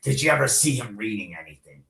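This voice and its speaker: A man's voice: lowish voice, sing-song, fast talker, vocal fry, sharp tone, pitched above the performer's own voice, heavily acted. A man voicing a suspicious male investigator who presses with questions, read aloud to a class. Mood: probing. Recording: echoey room.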